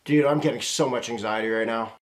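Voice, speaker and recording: A young man casually talking through an unboxing on his vlog, excitable and swearing, calling his viewers man and boys. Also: mid-range voice, fast talker. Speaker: YouTuber.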